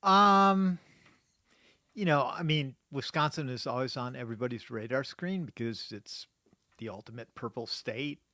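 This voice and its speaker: A man's voice: medium pitch, normal speed, sharp tone, no echo, clean studio sound. A man speaking as a political commentator on a radio panel, thoughtful and hedging with fillers.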